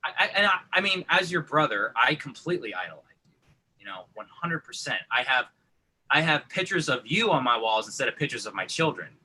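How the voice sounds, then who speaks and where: A man's voice: mid-range voice, sing-song, brisk, bright, forceful tone, breathy edge. A man performing online improv comedy, rambling earnestly with lots of fillers.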